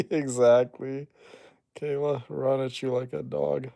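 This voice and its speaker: A young man streaming and reading chat, teasing his viewers playfully and then turning soft and reassuring. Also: medium pitch, fairly even intonation, slow pace, gravelly, no echo, clean studio sound.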